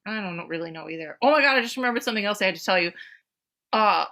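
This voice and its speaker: A woman co-hosting a podcast, telling a story in casual chat, animated and swearing freely, acting out the people in it. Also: medium pitch, racing. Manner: animated, swearing, acts out voices in anecdotes. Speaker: podcast co-host.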